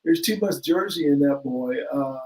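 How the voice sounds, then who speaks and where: A man's voice: medium pitch, normal speed, a little mellow, poor audio. A man co-hosting a casual sports talk show who jumps between opinions, laughs easily and reads out listener comments. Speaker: podcast co-host.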